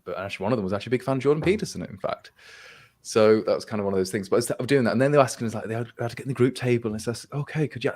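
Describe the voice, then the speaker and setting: A man's voice: on the low side, a little mellow. A young Englishman with an English accent on a video call, telling a wry story in casual chat, with many restarts and quoted back-and-forth. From England.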